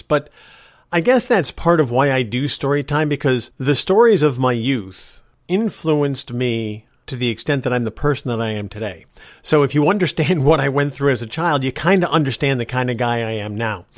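A man's voice: medium pitch, dry recording, studio quality. A man from New Jersey hosting a casual storytelling show, chatty and self-deprecating, pronouncing his words carefully and chuckling between lines. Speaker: host.

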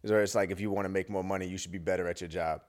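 A man's voice: low voice, fairly even intonation, very fast, a little mellow. A young man co-hosting a podcast, chatting casually in a rambling way, full of fillers and slang. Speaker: podcast co-host. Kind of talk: casual chat.

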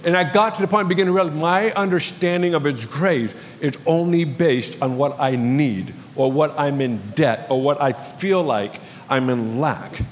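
Male pastor with a high voice, joking his way through a sermon story in a big echoing church. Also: normal speed, hardly any pauses, a little hiss or hum. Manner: storytelling with light humor. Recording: long reverb of a large hall.

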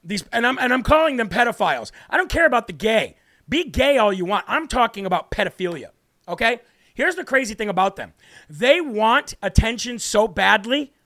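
A man's voice: sits high, big pitch swings, a little fast, bright, forceful tone, no echo, clean studio sound. A man with an American accent hosting a political talk show, talking in a brash, indignant way that repeats words for emphasis.

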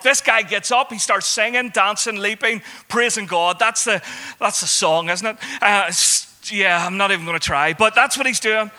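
High bright-voiced male preacher. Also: normal speed. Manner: conversational, with emphatic rising exhortations. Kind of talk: sermon.

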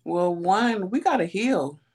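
A woman on a casual panel, speaking calmly and in a preacherly way. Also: medium pitch, slow pace, husky.

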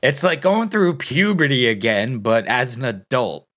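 A man's voice: medium pitch, unhurried, a bit bright. A man in his thirties co-hosting a casual podcast chat, wry and self-deprecating, laughing often, sick with a cold. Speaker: podcast co-host.

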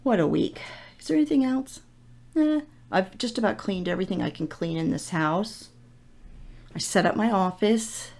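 A woman's voice: medium pitch, moderate pace, creaky, darkish tone. A middle-aged woman chatting through her solo podcast from her home office mic, a self-mocking storyteller. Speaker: podcast host. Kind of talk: casual solo podcast monologue. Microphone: desk podcast microphone.

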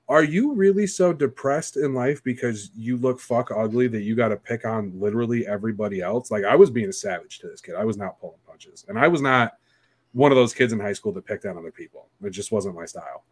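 Blunt, profane man with a low voice. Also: no echo. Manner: profane, blunt, animated storyteller; acts out quoted dialogue. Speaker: podcast guest. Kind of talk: casual podcast storytelling.

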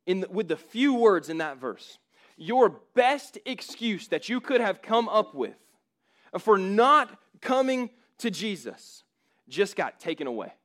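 A male preacher delivering a conversational sermon with a lively, rising and falling voice. He speaks emphatically and informally, leaning on casual fillers. His pitch sits a little high. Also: a little slow.

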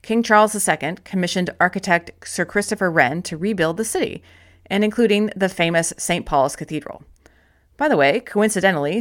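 A woman narrating a self-help audiobook in a gentle, encouraging way, with slow, deliberate emphasis on key words. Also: mid-range voice.

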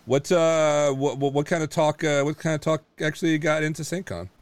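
A man's voice: fairly high pitch, little pitch movement, moderate pace, smooth, no echo. A man hosting a casual podcast chat, teasing his guests with sarcastic banter. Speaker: podcast host.

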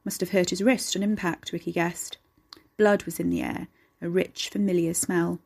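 A woman, reading a dark story aloud at a steady, measured pace. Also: on the low side, gravelly, breathy edge. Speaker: narrator. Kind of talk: storytelling narration.

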